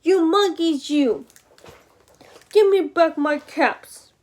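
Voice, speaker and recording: Woman doing a shouting cap peddler man. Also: extremely slow, heavily acted. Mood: furious. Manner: shouting scoldingly, high and strained. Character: angry old male cap peddler shouting.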